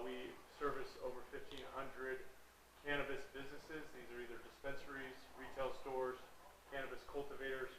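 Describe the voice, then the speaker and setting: A man speaks as a company CEO on a panel, in a steady and businesslike manner. His pitch stays flat, and the recording is roomy and distant, with clear room noise behind him. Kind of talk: panel self-introduction.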